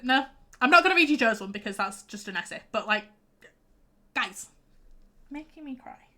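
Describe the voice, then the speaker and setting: A woman's voice: fairly high pitch, animated, moderate pace, pauses often, bright, forceful tone. A young woman chatting casually while live-streaming a farming game, teary and stuffy-nosed from crying, rambling and reacting aloud as she plays.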